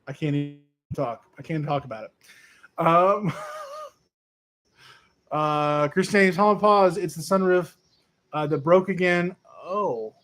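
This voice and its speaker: Man, livestream host, casual chat, slow, rambling, fillers and restarts, reads out viewer comments, slightly high voice. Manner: reads viewer comments aloud and answers them.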